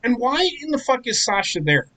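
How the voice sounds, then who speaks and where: A man's voice: very high voice, big pitch swings, moderate pace, pushed and bright, low-quality recording. A man co-hosting a casual live watch-along chat, ranting in a heated, profane way. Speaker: podcast co-host.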